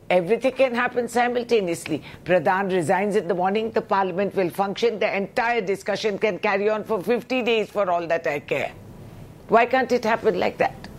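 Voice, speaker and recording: A woman member of parliament, speaking with indignation and rhetorical questions in a heated news interview. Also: mid-range voice.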